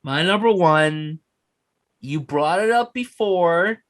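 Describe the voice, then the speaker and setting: A man's voice: on the high side, lively intonation, slow pace, no echo. A man hosting a casual film podcast, talking with enthusiasm and plenty of swearing. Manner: enthusiastic, profane, puts on mock voices. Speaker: podcast host.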